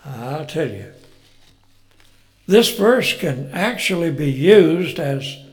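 A man preaching a folksy Bible sermon, telling the story with rhetorical questions and chuckles, and swelling loud on key phrases. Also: a little high, lively intonation, takes it slowly.

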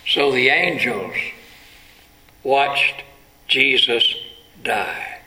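A man's voice: medium pitch, expressive, extremely slow, bright, forceful tone. A man preaching a sermon, telling the story dramatically and building to emphatic peaks. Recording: echoey room.

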